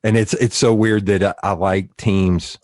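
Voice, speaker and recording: A man's voice: fairly low pitch, steady tone, unhurried, a little mellow, dry recording, clean studio sound. A man hosting a casual podcast interview from home, joking and laughing as he acts out stories. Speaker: podcast host. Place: his home.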